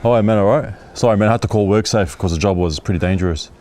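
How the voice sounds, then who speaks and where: A man, a building inspector talking briskly and matter-of-factly on a site outdoors. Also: lowish voice, loud music behind the voice. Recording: outdoor noise.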